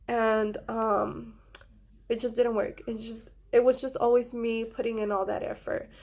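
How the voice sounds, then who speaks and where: A young woman telling a personal story to her viewers in an earnest, halting way, with many pauses and fillers, quietly emotional. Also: on the high side, gravelly. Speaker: vlogger.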